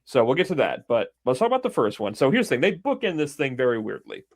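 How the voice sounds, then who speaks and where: A podcast co-host with a medium-pitched voice talks fast as he retells a film scene by scene. He's an animated storyteller who swears freely and acts out little bits of the scenes.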